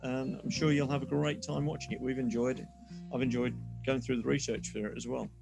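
A man's voice: mid-range voice, little pitch movement, brisk, vocal fry, over loud music. A man hosting a podcast, cracking jokes and wrapping up the episode in an upbeat way. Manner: joking, upbeat wrap-up. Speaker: podcast host. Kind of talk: casual podcast chat.

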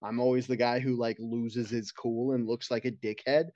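A man co-hosting a casual comedy podcast, telling lively stories, swearing and slipping into silly voices. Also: mid-range voice, normal speed, no echo, muffled recording. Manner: animated, swearing, slips into silly put-on voices. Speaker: podcast co-host.

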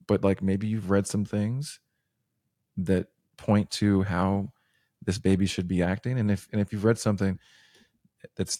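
A man's voice: deep voice, warm tone, no room sound, clean studio sound. A man playing a mother who patiently reasons with her husband in his own everyday voice. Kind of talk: role-play in casual chat.

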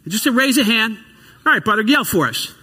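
A tired man preaching a sermon to a congregation in a church, swinging between loud emphasis and quiet asides. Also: high voice, sing-song, a little fast, breathy edge, long reverb tail. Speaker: pastor.

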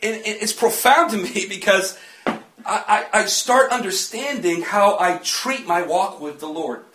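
A man's voice: high voice, a little slow, sharp tone, a little hiss or hum. A man preaching a sermon in a chatty way, often laughing and joking with the congregation in a church. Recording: echoey church from a distant mic.

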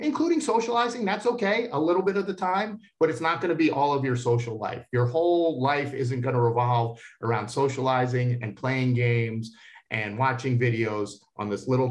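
A middle-aged man speaks as an expert guest in an interview, at a medium pitch. He gives advice to parents earnestly, often repeating a word while he gathers his thoughts. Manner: earnest, advising, repeats words as he thinks. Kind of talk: interview answers.

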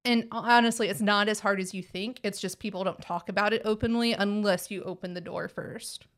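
Rambling young Texan speaker, smooth voice. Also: female voice, medium pitch, steady tone. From Texas. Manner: rambling, halting, many fillers and restarts. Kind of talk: casual podcast conversation.

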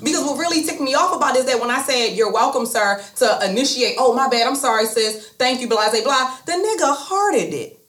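A woman, co-hosting a casual chat and telling an animated story in which she quotes herself. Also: on the high side, quick pace, hardly any pauses, roomy sound. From Baltimore. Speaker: podcast co-host.

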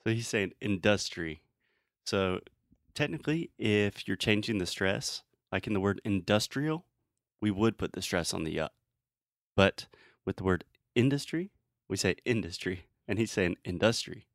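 A man hosting a casual English pronunciation lesson, patiently modeling sounds slowly and laughing often. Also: on the low side, no room sound, studio quality. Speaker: English pronunciation teacher, host.

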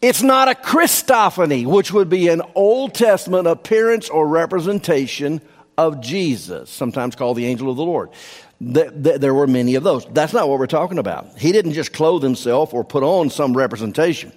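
A man's voice: a little high, animated, moderate pace. A man preaching a sermon as pastor, emphatic, repeating key phrases for stress. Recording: long hall reverb.

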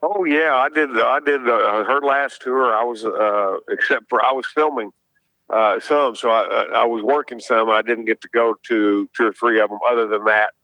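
A man's voice: mid-range voice, normal speed, bright, forceful tone, no room sound, low-quality recording. An older man, a guest actor, chatting casually in a radio interview with rambling stories.

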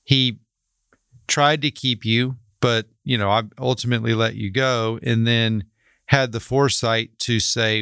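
A man's voice: medium pitch, normal speed, a bit bright, clean tone, dry recording, studio quality. A man hosting an interview podcast, asking admiring, thoughtful follow-up questions. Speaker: podcast host. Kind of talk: conversational interview.

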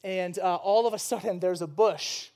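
Moses, older, weary and understated, a preacher doing the voice, fairly high voice kept low and quiet. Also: male voice, moderate pace. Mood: matter-of-fact. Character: Moses, an older man, weary, matter-of-fact storyteller.

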